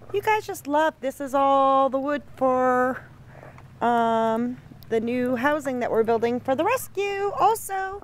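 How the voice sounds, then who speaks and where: Brief: woman in her sixties, high voice, casual outdoor narration, cooing at the dogs. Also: lively intonation, unhurried, a little hiss or hum. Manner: cooing, affectionate toward the dogs. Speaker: animal rescuer. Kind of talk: casual commentary while filming.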